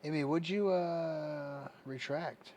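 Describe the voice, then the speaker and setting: A man hosting a livestream, chatting casually with viewers and reacting slowly to their messages. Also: a little high, a little mellow, slight background noise. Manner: slow, drawling, reacting to chat messages. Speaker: livestream host. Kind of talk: casual chat with live viewers.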